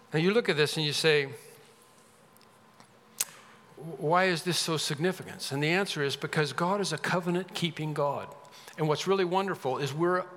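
A man's voice: on the high side, bright, forceful tone, big-room sound. A man preaching a sermon, reading scripture aloud and explaining it in an earnest, conversational way. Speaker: pastor.

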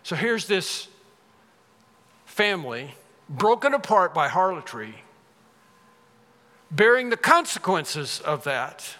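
A man preaches a sermon in a bright, fairly high voice, with a lingering reverb from a large church hall. He goes slowly with long pauses and big pitch swings, pressing his points hard and repeating key phrases with growing force.

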